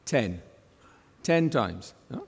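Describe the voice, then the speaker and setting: A man's voice: medium pitch, big pitch swings, creaky, slightly rough. Older man, explainer with reverberant hall sound. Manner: ends points with tag questions like "yes?"; explanatory, measured. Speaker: tax expert panelist. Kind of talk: panel discussion talk. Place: conference hall. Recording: long reverb in a large hall.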